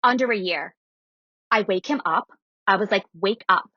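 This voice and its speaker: A woman's voice: mid-range voice, moderate pace, no echo, muffled recording. A woman in her thirties telling a personal story on a podcast in casual chat, acting out what others said. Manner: animated, quotes people in her story. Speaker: guest storyteller.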